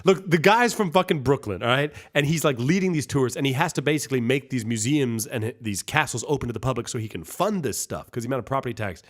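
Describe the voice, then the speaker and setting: A man's voice: medium pitch, fast talker, few pauses. A young man co-hosting a podcast, rambling and swearing casually as he tells stories. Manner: profane, rambling, animated storytelling. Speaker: podcast co-host. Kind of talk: casual chat.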